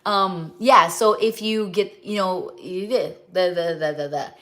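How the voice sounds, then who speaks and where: A middle-aged woman who cooks at home and writes cookbooks hosts a casual livestream, speaking at a measured pace in a medium-pitched, slightly bright voice. She rambles and often loses her train of thought, but stays heartfelt and talks straight to her viewers.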